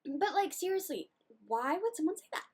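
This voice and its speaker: A woman's voice: very high voice, big pitch swings, normal speed, a little mellow. A woman of eighteen, ranting animatedly and indignantly in a casual video journal. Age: late teens.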